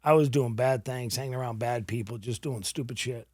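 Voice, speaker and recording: Blunt, animated man telling stories. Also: mid-range voice, a little fast, husky, dry recording, studio quality. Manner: animated, blunt, casual swearing. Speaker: podcast guest. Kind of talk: casual storytelling.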